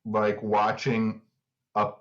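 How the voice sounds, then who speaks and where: A man's voice: lowish voice, monotone, very slow. A man in his forties co-hosting a podcast, chatting casually with dry, laid-back remarks. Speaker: podcast co-host. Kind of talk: casual chat. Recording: dull lo-fi sound.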